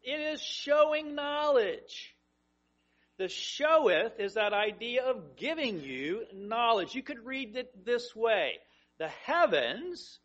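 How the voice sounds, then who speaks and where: A man preaching a sermon, telling vivid stories that swing between hushed and emphatic. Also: extremely high pitch, highs cut off. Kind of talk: sermon, Bible teaching.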